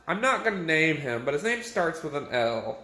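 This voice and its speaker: A man's voice: on the high side, big pitch swings, moderate pace, bright, forceful tone. Drunk young guy rambling crudely. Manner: rambling, crude and swearing, laughing at own jokes. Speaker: vlogger. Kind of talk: rambling drunk rant to camera. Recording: echoey room.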